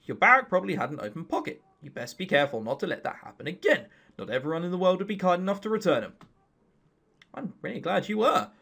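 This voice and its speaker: A man's voice: high voice, big pitch swings, fast talker, vocal fry, bright, forceful tone, exaggerated voice. A man playing a curt, formal young Southerner. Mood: polite.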